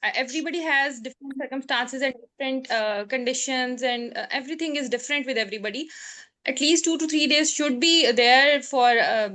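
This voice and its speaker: A woman with a high voice talks over a video call as a doctor recounting her exam, sounding overwhelmed. She hesitates often, filling her speech with "uh" and restarts. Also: fairly quick, pushed and bright. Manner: hesitant, with many "uh" fillers and restarts, laughs often. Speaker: doctor, a student who passed an exam. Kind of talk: emotional call testimony.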